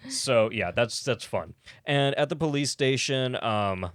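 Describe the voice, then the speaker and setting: A man's voice: mid-range voice, lively intonation, dry recording, clean studio sound. A man hosting a podcast, recapping a movie in casual chat, rambling and swearing as he acts out scenes. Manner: rambling and profane, acts out scenes in quick voices. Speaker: podcast host.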